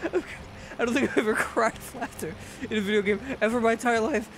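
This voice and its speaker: A man giving casual, excitable gameplay commentary, often breaking into laughter and shouting at the game. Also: very high voice, fast talker, slight background noise. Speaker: gaming video creator. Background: game music.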